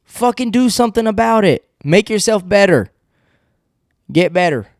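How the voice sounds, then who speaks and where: A man's voice: sits high, animated, normal speed, no echo, studio quality. A man hosting a podcast solo, ranting bluntly and rambling, swearing constantly and laughing at his own remarks. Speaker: podcast host. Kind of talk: profane solo podcast rant.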